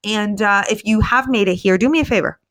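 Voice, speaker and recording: A woman's voice: medium pitch, fairly quick, a bit bright. A woman who is a police officer hosts a podcast in a casual, rambling monologue, swearing freely and talking tired late at night. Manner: rambling, profane, emphatic, many fillers.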